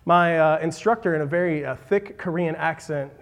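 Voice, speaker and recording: A man in his thirties gives a sermon from a church hall, his voice a bit high for a man. He speaks haltingly, with many fillers, restarts and self-deprecating asides. A long reverb hangs on every phrase. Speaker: pastor.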